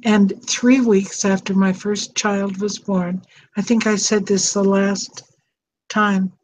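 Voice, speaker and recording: A woman's voice: mid-range voice, little pitch movement, takes it slowly, darkish tone, a little hiss or hum, rough recording. An older woman hosting an advice talk, speaking in an earnest, reflective way. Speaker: host.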